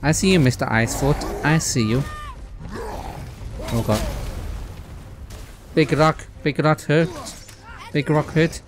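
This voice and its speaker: A man with a Welsh accent, commentating on his gameplay in an excitable, panicky way and talking to the characters on screen. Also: a little high, slow pace, long pauses, background noise. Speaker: let's player. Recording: loud game music underneath. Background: game music.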